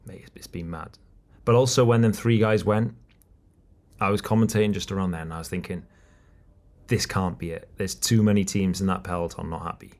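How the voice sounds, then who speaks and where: A man co-hosting a cycling podcast, talking in an animated, teasing way about the race. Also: low-pitched, fairly quick. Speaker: podcast co-host, race commentator. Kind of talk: casual podcast chat.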